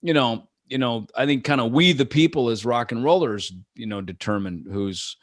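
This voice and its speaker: Speaking at a normal speed in a mid-range voice, this male rock musician guest meanders through a casual video-call interview, using lots of fillers, restarting sentences, and performing the quotes he recounts. The recording is dry and studio-clean.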